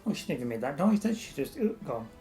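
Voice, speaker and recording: A man co-hosting a podcast in casual chat, trading quick jokes. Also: a little high, sing-song, mellow, roomy sound, soft background music. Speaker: podcast co-host.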